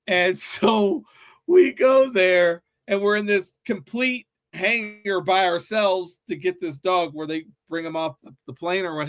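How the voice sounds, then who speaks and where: A man hosting a podcast, telling stories in casual chat with an animated manner and plenty of swearing. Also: sits high, clear, resonant tone, dry recording. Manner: animated storyteller, swears freely. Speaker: podcast host.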